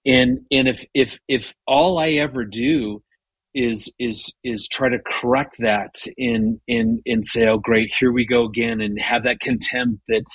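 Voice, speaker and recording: A man in his fifties, a guest telling a personal story with animated retellings and frequent stumbling restarts. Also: medium pitch, unhurried, husky, no room sound, rough recording. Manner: animated, retells his inner rants with rising voice; frequent repeated-word restarts. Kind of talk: storytelling in conversation.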